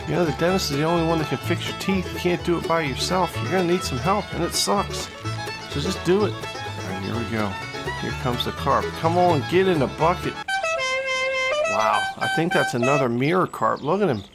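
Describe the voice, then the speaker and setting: A man with a slightly raised, gravelly voice hosts a gaming video, calling the action with excitable, joking trash talk. Game music plays clearly under him. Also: fairly high pitch, a little fast. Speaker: gaming channel host. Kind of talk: casual gameplay commentary.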